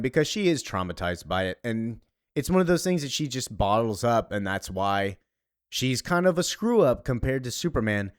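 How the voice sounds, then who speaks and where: Animated man recapping comics. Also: mid-range voice, moderate pace, no room sound, studio quality. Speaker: comic book reviewer.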